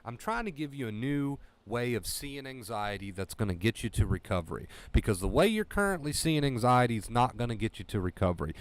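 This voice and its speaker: A man's voice: mid-range voice, sing-song, brisk, hardly any pauses. A man hosting a livestream as an anxiety coach, talking emphatically to his chat and repeating key phrases. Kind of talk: motivational livestream talk.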